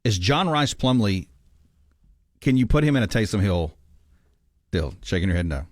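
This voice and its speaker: A male sports radio host with a low voice. He chats through his picks and reads listener texts aloud, sure of his opinions. The sound is dry and close. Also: very animated, normal speed, no room sound. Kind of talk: sports talk radio chat.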